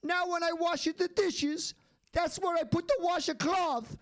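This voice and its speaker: A man voicing his eighty-eight-year-old aunt in a high, shrill old-lady voice, answering matter-of-factly. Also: steady tone, unhurried.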